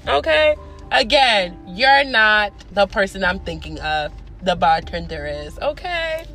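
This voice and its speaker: A young woman tells a story in a loose, profane, animated way, jumping into the voices of the people she quotes. Her voice sits at an ordinary pitch, and soft music plays faintly behind her. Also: unhurried. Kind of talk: casual storytelling.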